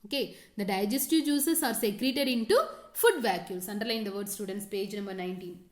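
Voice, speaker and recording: Speaking a little fast in a mid-range voice, a woman school teacher gives a science lesson in an echoey room. She repeats key terms and questions, says "okay" often, and directs students to underline words and draw diagrams.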